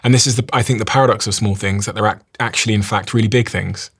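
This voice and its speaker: Thoughtful podcast host, lowish voice. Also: male voice, steady tone, quick pace, slightly rough. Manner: thoughtful, musing, with restarts. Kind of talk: reflective interview conversation.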